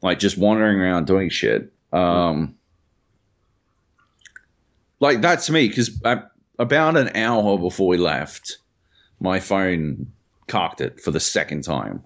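A man's voice: sits low, big pitch swings, takes it slowly, pauses often. A young man co-hosting a podcast, rambling through casual stories, swearing freely and laughing often. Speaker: podcast co-host. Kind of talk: casual chat.

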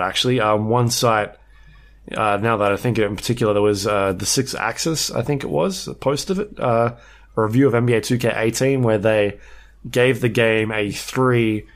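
A low-voiced man co-hosting a podcast. He talks in a measured, hesitant way, pausing on fillers as he works through his point. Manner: hesitant, measured, many ums. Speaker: podcast co-host. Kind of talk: casual podcast chat.

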